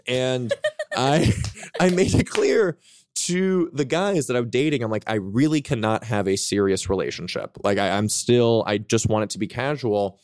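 A man's voice: mid-range voice, lively intonation, moderate pace, darkish tone, dry recording. A man in his twenties telling candid, profane stories as a guest author on a casual podcast.

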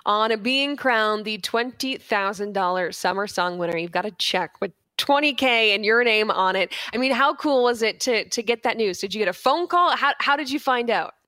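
Radio co-host lady, bright higher voice, excited questions, dry studio. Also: moderate pace, hardly any pauses, no room sound. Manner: warm, enthusiastic questioning. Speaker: radio morning show co-host. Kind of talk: radio interview.

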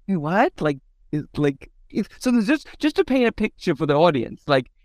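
High animated guy host, bouncing all over, swears a lot, dry close sound. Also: moderate pace, no room sound. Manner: animated storyteller who acts out quotes, swears freely. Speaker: podcast host. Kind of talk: casual interview chat.

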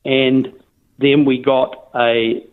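A man's voice: medium pitch, flat delivery, drawn-out words, smooth. New Zealand man on a tinny phone line. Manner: rambling, with restarts and fillers. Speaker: interviewee. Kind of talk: phone interview, casual storytelling.

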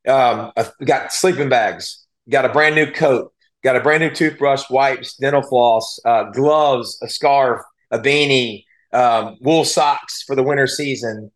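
A man's voice: medium pitch, a little slow. A former football player and analyst, a man, talking as an interview guest, telling stories earnestly and emotionally with many restarts. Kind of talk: casual interview talk.

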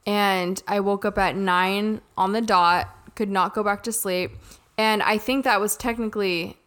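A woman from Arizona, co-hosting a podcast, chatting casually, laughing often and chiming in with quick asides. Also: medium pitch, steady tone, a bit bright. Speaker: podcast co-host. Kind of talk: casual chat.

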